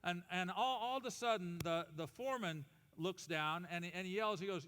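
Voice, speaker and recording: Brief: energetic male pastor, jokey sermon, high bright voice, big church reverb. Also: moderate pace, few pauses, smooth. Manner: animated, humorous, leads congregation in call-and-response. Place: church auditorium.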